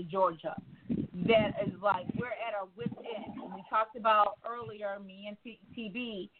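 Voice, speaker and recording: Woman radio host, blunt n animated, cusses a lot, phone-line sound w faint hiss. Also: mid-range voice. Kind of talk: candid talk radio discussion.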